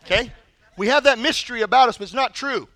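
Animated, high-voiced male pastor. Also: fast talker, dry recording. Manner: animated, humorous storytelling. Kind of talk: sermon.

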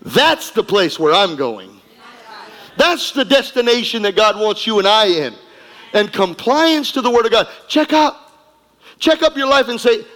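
Preaching in a church sanctuary, a man serving as pastor is emphatic and repetitive, guiding the congregation through call-and-response. His high, slightly bright voice is very animated yet a little slow, and the recording has long hall reverb.

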